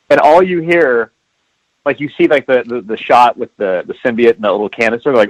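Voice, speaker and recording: A man's voice: medium pitch, fairly quick, no echo, low-quality recording. A man who is a guest on a casual podcast, telling a heated story full of swearing.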